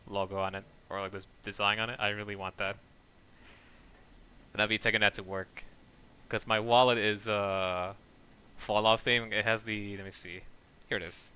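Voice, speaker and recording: A man chatting casually while playing a game, rambling and saying he talks too fast. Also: fairly low pitch, sharp tone, smooth. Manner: rambling, self-describes talking too fast. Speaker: gaming streamer. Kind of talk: casual gameplay commentary.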